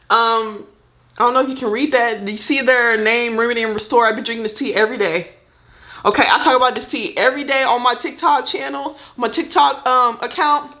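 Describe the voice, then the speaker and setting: A woman's voice: a little high, bright, forceful tone, roomy sound. A young adult woman talking frankly and chattily to her viewers in a personal vlog. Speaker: vlogger.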